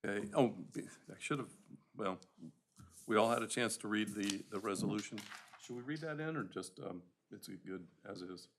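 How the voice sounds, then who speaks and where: A man's voice: lowish voice, normal speed, a little hiss or hum. A man chairing a town council meeting, running items in a procedural, somewhat hesitant way.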